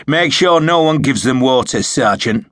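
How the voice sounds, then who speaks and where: A man voices a tough army captain who barks orders harshly and swears a lot, pitching above his own natural voice. His tone is medium-pitched and fairly bright, with lively intonation at a normal speed. The sound is clean studio audio with no echo.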